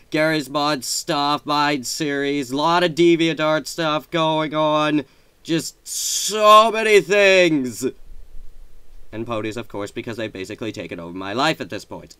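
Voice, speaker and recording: A man hosting a casual update vlog from his computer desk, talking excitedly in a rambling way with gushing outbursts and self-corrections. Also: on the high side, clean tone, dry recording. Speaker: video channel host. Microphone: desk microphone.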